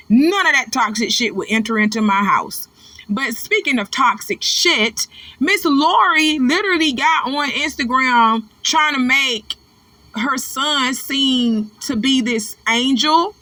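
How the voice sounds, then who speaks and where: A woman's voice: on the high side, bright, forceful tone, no echo. A woman hosting her own commentary channel, ranting bluntly and profanely in a casual, preachy way.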